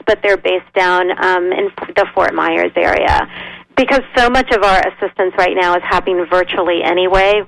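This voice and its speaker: A woman guest expert explaining health insurance options in a measured, informative way, with frequent ums. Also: mid-range voice, rough recording. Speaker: nonprofit executive director, guest expert. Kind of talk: radio interview.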